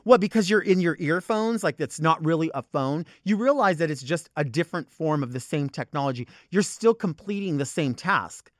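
A man hosting a podcast, ranting comedically in an animated, profane way about everyday annoyances. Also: a little high, normal speed, few pauses, no room sound, studio quality. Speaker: podcast host. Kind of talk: comedic rant.

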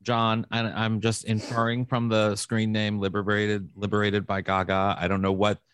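A man's voice: lowish voice, completely flat delivery, normal speed, fairly bright tone, clear, resonant tone, no room sound. Brief: male podcast co-host, campy and playful, close dry mic. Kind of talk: casual podcast chat.

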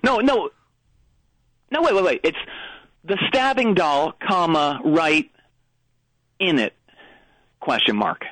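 Brief: man as a bumbling middle-aged coach caller, deadpan and rambling, lively pitch, dry sound. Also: slow pace, pauses often, no echo, exaggerated voice, poor audio. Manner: deadpan, rambling, many restarts. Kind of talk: comedic call-in bit.

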